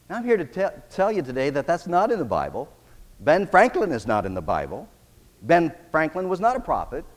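A male pastor preaching in a fairly high voice. He drives his points home emphatically, rising to loud declarations and then dropping to near hushed tones. The long reverb of a church hall trails after each phrase. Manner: emphatic preaching with wide swings in loudness. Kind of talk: sermon.

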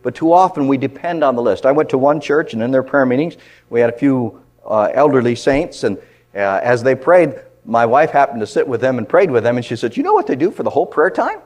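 An older man from Michigan preaching a sermon as a pastor, impassioned, swinging from loud fervent cries down to hushed near-whispers. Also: medium pitch, brisk.

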